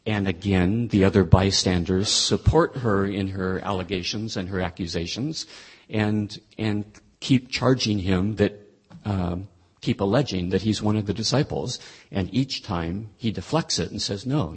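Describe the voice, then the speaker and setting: A man's voice: sits low, moderate pace, breathy edge. A man explaining a scripture passage as a Bible teacher, in a thoughtful, conversational way with frequent restarts.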